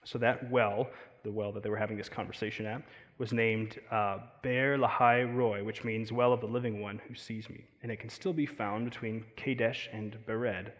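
A man with an American accent preaching a sermon, talking in a conversational, animated way with frequent fillers and asides. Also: fairly low pitch, normal speed, long reverb tail. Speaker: pastor.

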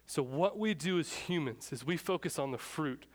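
A man's voice: a little high, expressive, normal speed. A young adult man preaching a sermon in a casual storytelling way, acting out the lines of people in his story. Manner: casual, storytelling, acts out shouted dialogue. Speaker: pastor.

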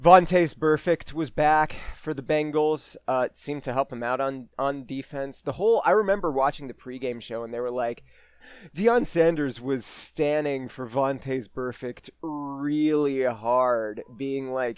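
A man's voice: mid-range voice, a little slow, a little mellow, smooth, dry recording. Easygoing male co-host, dry close sound. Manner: laughing, easygoing, rambling. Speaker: podcast co-host. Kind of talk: casual chat.

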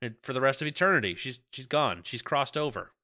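A man co-hosting a podcast walks through a film's plot in casual chat. He talks in a bright voice with a lot of pitch movement and slips into quick character impressions. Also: lively intonation. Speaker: podcast co-host recapping a film.

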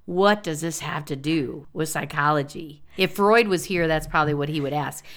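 A woman's voice: low voice, normal speed, fairly bright tone. A woman co-hosting a podcast in casual chat, playful and teasing. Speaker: podcast co-host.

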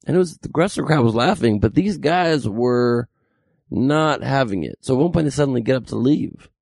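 Male comedian recounting a story; gravelly, lively, dry studio sound. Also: mid-range voice, a little fast, no echo. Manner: animated, acts out quoted voices. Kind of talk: casual storytelling.

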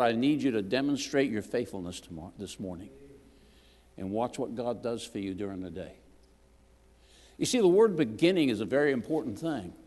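Man preaching a lively sermon in a hall. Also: medium pitch. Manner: lively, jokes with the congregation, calls for amens. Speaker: guest preacher. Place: church sanctuary. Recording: long hall reverb.

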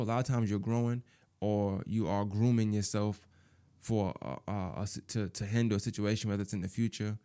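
A man in his thirties thinks aloud in a personal monologue, soft-spoken and halting, often repeating words and leaning on "you know". His voice is lowish, clear, and resonant.

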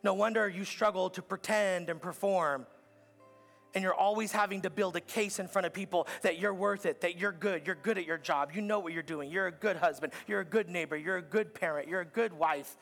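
A man preaching with a high, gravelly voice, his phrases stacking up in earnest repetition. He speaks as a pastor addressing his church, while faint music plays underneath. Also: brisk, a bit bright. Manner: earnest, repetitive preaching cadence with rising emphatic builds. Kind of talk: sermon. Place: church auditorium.

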